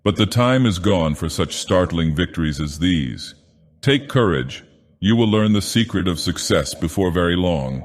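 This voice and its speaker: A man voicing a middle-aged gentleman who talks in a soothing, persuasive, genial manner. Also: deep voice, animated, normal speed. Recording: long reverb.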